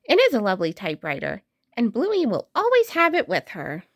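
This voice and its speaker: A woman reads a children's storybook aloud in a high voice, her narration swinging widely up and down. The sound is dry and close, with no room echo. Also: fairly quick. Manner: expressive read-aloud narration. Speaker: storybook reader.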